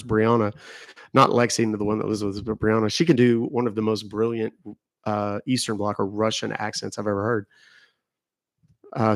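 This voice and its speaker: A man's voice: on the low side, vocal fry, dry recording. A middle-aged man, chatting casually on a phone livestream, rambling as he answers viewer comments. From Texas. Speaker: livestream host.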